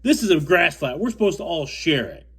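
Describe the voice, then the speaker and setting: A man's voice: on the high side, sing-song, brisk, slightly rough, pitched above the performer's own voice. A man putting on the voice of a cranky older male fishing pro who berates and rants at him. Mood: lecturing. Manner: berating, ranting.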